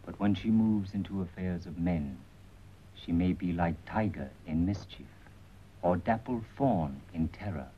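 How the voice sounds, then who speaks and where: An actor playing a calm, watchful man who speaks formally in aphorisms and drops his articles, in 1930s film acting. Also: low voice, unhurried, slight background noise. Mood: measured. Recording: dull 1930s film soundtrack.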